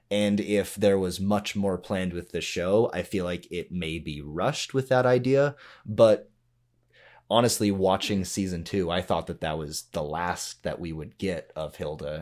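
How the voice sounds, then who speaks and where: A man's voice: sits low, a little mellow. A man co-hosting a podcast in casual chat, rambling and explaining at length, often laughing. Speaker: podcast co-host.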